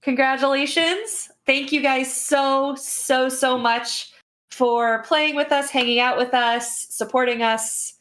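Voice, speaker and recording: A woman's voice: high-pitched, steady tone, slow pace, fairly bright tone. A woman hosting a game stream, chatting casually with frequent ums and uhs as she wraps up. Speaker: host. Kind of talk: casual livestream wrap-up.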